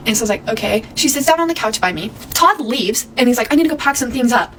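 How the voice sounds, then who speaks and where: Young woman, storytime vlogger, animated quoted voices, a bit high-pitched. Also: fast, slight background noise, poor audio. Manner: chatty, animated retelling with quoted voices and laughs. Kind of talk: casual story time.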